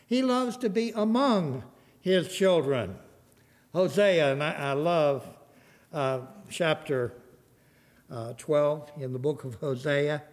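An older male pastor preaches with a high, lively voice that climbs and falls across a wide span. He takes his time, swelling loud and sinking to near whispers. A long hall reverb trails every phrase. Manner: animated preaching, swells loud then drops soft. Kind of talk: sermon.

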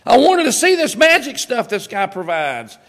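A man voicing a proud, indignant foreign army commander in a loud, high, ranting voice during a sermon. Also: huge pitch swings, moderate pace, big-room sound, full character voice. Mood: petulant.

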